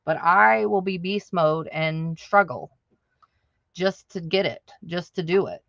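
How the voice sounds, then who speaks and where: A woman's voice: fairly low pitch, takes it slowly, gravelly, fairly bright tone, dry recording, muffled recording. A woman hosting a live stream who chats straight to her viewers, laughing often. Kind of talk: casual livestream chat. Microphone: audio-only livestream.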